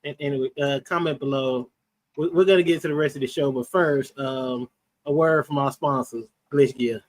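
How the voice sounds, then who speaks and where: A man's voice: medium pitch, fairly even intonation, moderate pace. A man hosting a casual show, laid-back and stammering as he talks. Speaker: host. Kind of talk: casual banter.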